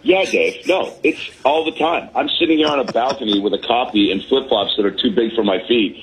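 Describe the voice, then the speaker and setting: A man's voice: mid-range voice, brisk, crowd noise. A man, a comedian calling in from a balcony, chatting in a rambling, self-deprecating way with lots of fillers over a phone line. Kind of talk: casual chat. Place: hotel balcony.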